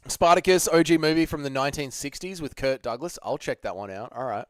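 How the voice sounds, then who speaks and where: An Australian man hosting a livestream, hungover and low on energy, chatting casually, swearing, and reading viewer messages. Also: expressive, brisk, dry recording, clean studio sound. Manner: laid-back, sweary, laughs easily. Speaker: livestream host.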